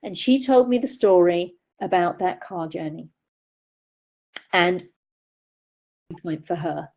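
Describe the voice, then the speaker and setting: A woman's voice: lowish voice, animated, takes it slowly, a little mellow, rough recording. British woman coach telling riding stories. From United Kingdom. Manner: storytelling, acts out quoted voices. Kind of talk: webinar lecture with anecdotes.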